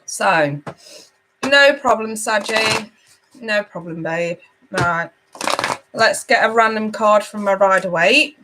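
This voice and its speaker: A woman's voice: mid-range voice, takes it slowly, pauses often, noisy background. Chatty woman reading tarot live. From United Kingdom. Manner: chatty and affectionate, reading out viewers' comments. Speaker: tarot reader hosting a livestream. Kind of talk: casual livestream chat.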